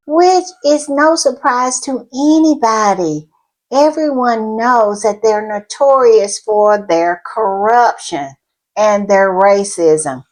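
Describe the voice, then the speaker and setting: A woman's voice: a little high, poor audio. A woman giving casual opinion commentary on royal news, stressing points by repeating words and laughing between remarks.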